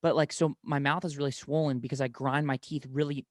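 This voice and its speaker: A man's voice: mid-range voice, level tone, fairly quick, dry recording, clean studio sound. A young man telling rambling personal stories in casual conversation, often correcting himself mid-sentence. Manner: rambling storyteller, many self-corrections.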